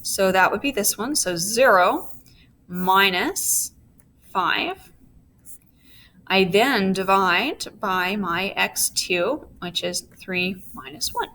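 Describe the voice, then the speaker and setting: A woman's voice: mid-range voice, animated, slow pace, bright, forceful tone, slight background noise. A woman teaching a recorded physics lesson, walking through each step and checking in with her students, with playful asides. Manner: walks through steps, checks in with "okay?".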